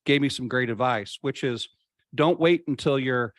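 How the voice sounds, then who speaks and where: A man guest in an interview, telling a personal story in an earnest, reflective way and slowing down to stress key points. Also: medium pitch, no echo, clean studio sound. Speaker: podcast guest.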